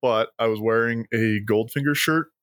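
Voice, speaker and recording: A man co-hosting a podcast, chatting casually and telling animated stories with frequent laughs. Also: mid-range voice, moderate pace, no room sound, clean studio sound. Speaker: podcast co-host. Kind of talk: casual chat.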